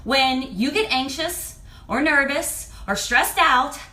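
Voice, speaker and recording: A woman in her thirties talks candidly and expressively to camera as a fertility coach, swearing a little as she goes. Her voice sits high and sounds bright and clear. The room around her rings with echo. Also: expressive, takes it slowly. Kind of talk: casual talk to camera.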